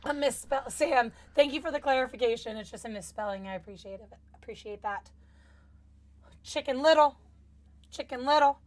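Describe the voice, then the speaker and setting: Co-host: young woman, bright high voice, chatty and apologetic, streaming from home. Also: normal speed. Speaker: youth group co-host. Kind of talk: casual live-stream chat. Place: home with small children.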